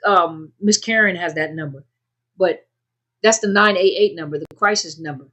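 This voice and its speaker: A woman's voice: fairly low pitch, moderate pace, fairly bright tone. A woman hosting a casual advice talk, speaking conversationally, repeating her points and addressing her audience directly. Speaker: host giving advice on narcissistic abuse. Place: indoors, under a bright light.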